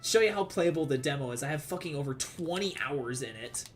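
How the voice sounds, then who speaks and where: A man's voice: fairly high pitch, expressive, brisk, faint music behind. Profane Southern man streaming games. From Southern United States. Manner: profane, laughing, rambling. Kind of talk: casual gaming stream chat.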